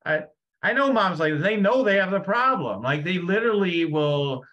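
Man, podcast host, high-pitched, rambling casual talk, dull lo-fi recording. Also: lively intonation, moderate pace, bright, forceful tone. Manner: rambling, with many restarts and fillers. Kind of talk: casual conversation. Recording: dull lo-fi sound.

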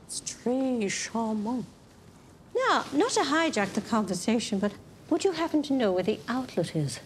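An actress plays a cheerful, tall TV cook in her fifties for a 1960s television drama, appearing as a cooking show guest. Her voice is a little high with big pitch swings at normal speed, theatrical and warbling, chipper and exuberant, with French phrases sprinkled in. Slight background noise is present.

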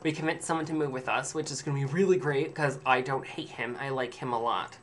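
A man's voice: mid-range voice, fairly even intonation, brisk, fairly bright tone, slight background noise. A man telling a rambling, sarcastic story to camera in a casual vlog, swearing freely. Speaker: vlogger.

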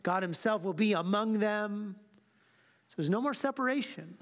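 A man teaching a church Bible class as pastor, reading scripture slowly and with emphasis, then talking quickly and casually. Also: high voice, lively intonation, fairly bright tone, in a large hall.

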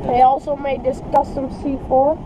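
A man's voice: very high-pitched, level tone, moderate pace. A young man with a Dutch accent chatting to camera for a behind-the-scenes vlog outdoors, his voice worn and partly lost. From Netherlands. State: losing his voice. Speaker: video creator. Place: outdoors in windy muddy woods. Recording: loud wind noise on the mic.

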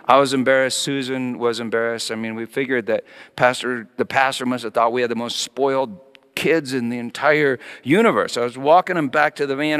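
A man's voice: on the high side, a bit bright, clear, resonant tone, long reverb tail. A middle-aged male pastor preaching a sermon as a story, acting out his children's voices.

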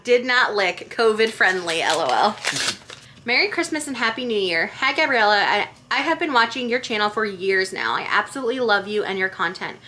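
A young woman with a bright, forceful voice chats casually to camera as a vlogger. She reads holiday cards aloud and gushes over each one, effusive and quick to praise. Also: on the high side. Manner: gushing, effusive.

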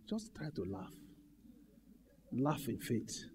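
A man's voice: a little high, expressive, fairly quick, dark tone, a little hiss or hum. Preaching man in a long reverberant hall. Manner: preaching with bursts of mock laughter. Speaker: pastor. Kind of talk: sermon.

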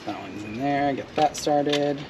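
A man's voice: mid-range voice, unhurried, background noise. A man in a casual how-to vlog, explaining step by step with fillers while working on a truck in a driveway outdoors.

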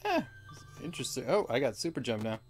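A man giving let's play commentary, rambling with deadpan absurd jokes. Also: mid-range voice, quick pace, soft background music. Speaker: gamer.

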